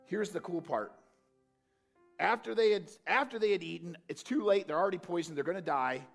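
A man preaching a sermon, animated, swinging from loud calls to quiet, earnest talk. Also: high-pitched, a little fast, vocal fry, faint music behind. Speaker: pastor.

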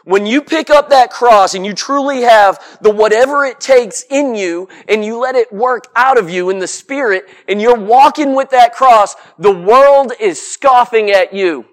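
A man's voice: extremely high pitch, unhurried, hardly any pauses. A man preaching a sermon to a congregation in an emphatic, folksy way, piling up lists and asking rhetorical questions.

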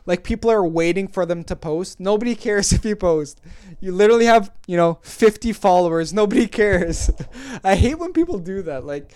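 A man's voice: high-pitched, normal speed, a little mellow, clean tone. Rambling, self-mocking male podcaster. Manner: rambling, self-deprecating, heavy on fillers. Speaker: podcast host. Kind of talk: casual solo podcast chat.

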